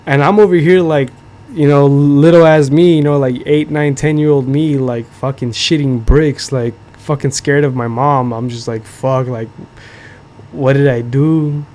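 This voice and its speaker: A man's voice: fairly high pitch, fairly even intonation, moderate pace, darkish tone. A young man hosting a podcast, telling a story in casual chat. He swears a lot, fills his talk with "like" and keeps asking "you feel me". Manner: profane, filler-heavy, keeps checking in with "you feel me". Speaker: podcast host.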